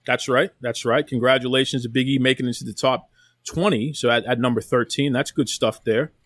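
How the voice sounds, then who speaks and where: A man's voice: mid-range voice, fairly even intonation, fairly quick, fairly bright tone, no room sound. Man, podcast host, enthusiastic, repetitive, dry close sound. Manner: enthusiastic, repeats phrases. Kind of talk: casual wrestling chat.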